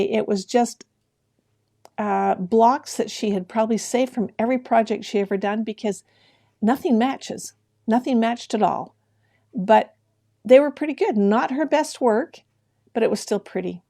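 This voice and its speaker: Chatty middle-aged woman, livestream host, friendly viewer greetings, mellow gravelly tone. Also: mid-range voice, normal speed. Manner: chatty, greets viewers by name, laughs often. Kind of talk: casual live-stream chat with viewers.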